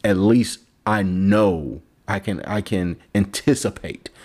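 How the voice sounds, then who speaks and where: A man's voice: low-pitched, slow pace, a little mellow. A man, a vlogger and comedian, drinking and rambling in a profane, self-mocking monologue. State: drinking alcohol.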